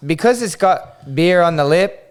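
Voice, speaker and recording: Sweary Australian bloke chatting over beers. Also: male voice, fairly high pitch, lively intonation, normal speed, smooth. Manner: blunt, swears freely, laughs while telling stories. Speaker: podcast co-host. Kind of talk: casual chat over beers.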